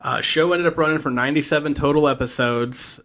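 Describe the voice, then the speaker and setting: A man's voice: fairly high pitch, fairly even intonation, fairly quick, fairly bright tone. A young man co-hosting a podcast, casually retelling an old TV show's plot at a loose, rambling pace and slipping into the characters' lines as he goes. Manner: rambling storyteller, acts out scenes. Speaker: podcast co-host. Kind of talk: casual chat recapping a TV show.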